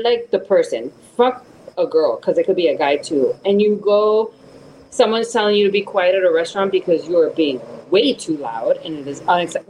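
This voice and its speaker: A woman guest on a casual podcast, ranting in a profane, animated way and mixing in Spanish slang. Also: lowish voice, slight background noise, poor audio.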